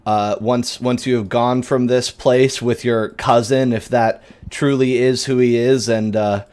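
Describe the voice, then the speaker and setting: A man's voice: mid-range voice, fairly even intonation, a little slow, a little mellow, smooth, lightly acted. A man voicing a stern, offended priest who scolds in formal, indignant speech. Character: stern middle-aged male priest, offended.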